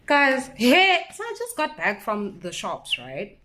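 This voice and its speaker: A young South African woman in her twenties talking to camera in a casual vlog, telling stories in an animated, indignant, expressive way. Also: on the high side, a little hiss or hum. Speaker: vlogger.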